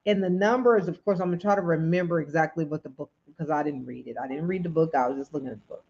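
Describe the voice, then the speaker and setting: A woman's voice: sits low, fast talker, darkish tone, husky. A woman hosting a late-night livestream, talking to viewers in a preachy, questioning way. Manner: preachy, asks the audience questions, greets viewers. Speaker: livestream host. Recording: dull lo-fi stream audio.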